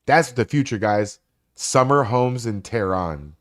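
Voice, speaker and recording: A man's voice: mid-range voice, a little slow. A man in his forties hosting a live stream, rambling and swearing through casual stories. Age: 40s. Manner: rambling, profane, animated storytelling.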